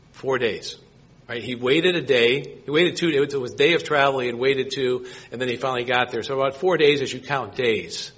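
Husky-voiced male preacher. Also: medium pitch, fairly bright tone, lo-fi sound. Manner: expository preaching with rhetorical questions. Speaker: pastor. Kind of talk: sermon.

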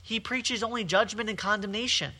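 A man with a high voice preaches with hammering repetition. His tone is piercingly bright and tense. He drives each point home in waves of emphasis. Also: steady tone, fairly quick. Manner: emphatic, repetitive preaching with rising and falling intensity. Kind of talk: sermon.

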